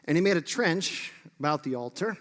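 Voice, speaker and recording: A man's voice: a little high, animated, moderate pace, a bit bright, in a large hall. A man preaching a sermon, reading scripture aloud and breaking in with playful, sarcastic asides. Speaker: pastor. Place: church sanctuary.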